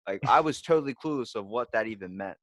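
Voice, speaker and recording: A man in casual chat, telling stories and acting out the lines of others with sudden loud jumps. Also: medium pitch, fast, no echo. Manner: animated storyteller, acts out quotes loudly.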